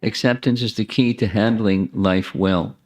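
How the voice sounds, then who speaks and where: Deep-voiced man giving a spiritual talk. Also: steady tone, a little slow. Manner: conversational, warm asides to the audience; repeats and restarts phrases while thinking. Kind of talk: informal spiritual lecture.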